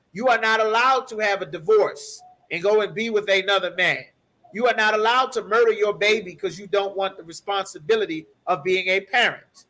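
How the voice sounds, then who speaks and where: High, bright-voiced man teaching scripture. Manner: emphatic, repeats phrases, checks in with listeners. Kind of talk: bible study teaching.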